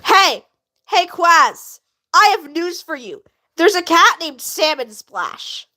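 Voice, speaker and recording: A woman chatting casually on a livestream, animated and quick to laugh, with a laugh that sounds like crying. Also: very high-pitched. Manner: animated, laughs a lot, bursts into shouting. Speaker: livestream host.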